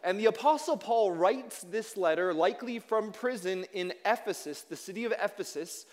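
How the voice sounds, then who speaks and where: A man's voice: sits high, expressive, normal speed. A man preaching as a pastor, chatty and self-deprecating as he teaches from the pulpit. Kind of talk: sermon. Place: church sanctuary. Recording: long reverb of a large hall.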